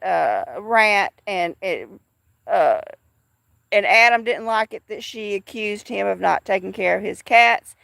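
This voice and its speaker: A woman's voice: medium pitch, vocal fry, fairly bright tone, clean tone, no room sound. A woman in her fifties, chatting casually to viewers of her live stream in a rambling, talkative way. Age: 50s. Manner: rambling, chatty, with frequent restarts and laughs.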